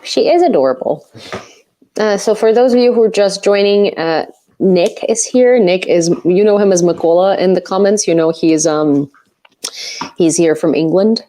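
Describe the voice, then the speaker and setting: A woman's voice: mid-range voice, normal speed, mellow. A young adult woman from Ukraine hosting a casual livestream chat, rambling with lots of fillers and frequent laughs. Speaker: host, independent reporter.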